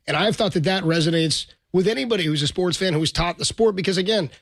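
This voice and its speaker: Fast, passionate sports radio host. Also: male voice, high-pitched, no echo. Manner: passionate, animated.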